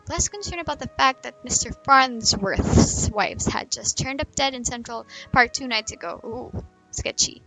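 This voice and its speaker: A woman's voice: high-pitched, animated, a little slow, bright, forceful tone, faint music behind, rough recording. A woman reading a story game aloud and chatting between lines in a casual let's-play. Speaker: gamer reading a visual novel aloud.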